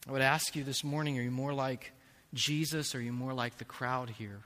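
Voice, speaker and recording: A man preaching a sermon as pastor, slow and emphatic, swinging between hushed and loud passages. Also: mid-range voice, steady tone. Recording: long reverb of a large hall.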